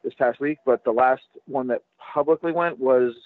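A man, a guest collector, chatting casually on a podcast in a halting way, full of restarts and fillers. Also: mid-range voice, no room sound. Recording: tinny, dry phone line.

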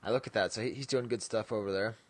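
A man's voice: lowish voice, steady tone, fast talker, husky, no echo. A man co-hosting a podcast in casual chat, rambling and jokey, laughing often and trailing off with "so". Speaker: podcast co-host.

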